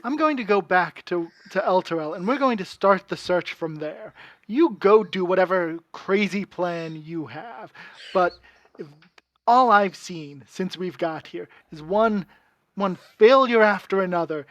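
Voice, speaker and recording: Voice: mid-range voice, expressive, unhurried, a bit bright, lo-fi sound, slight background noise. A game master doing a fed-up woman companion. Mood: exasperated. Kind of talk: tabletop game voice acting.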